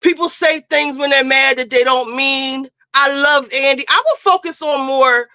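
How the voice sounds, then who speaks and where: Blunt, high-pitched woman streamer scolding. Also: unhurried, sharp tone, no echo. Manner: blunt, profane, lecturing; emphatic, scolding. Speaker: streamer host. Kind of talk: casual commentary.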